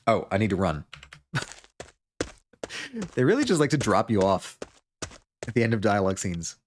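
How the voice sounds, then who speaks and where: A man's voice: lowish voice, big pitch swings, normal speed. A man streaming a video game live, chatting casually, joking, laughing, and reading viewer messages aloud.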